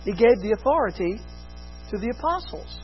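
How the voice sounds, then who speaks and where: A preacher giving an expository sermon, emphatic, rising to loud stresses and dropping to hushed lows. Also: big pitch swings, a little fast, highs cut off, faint music behind.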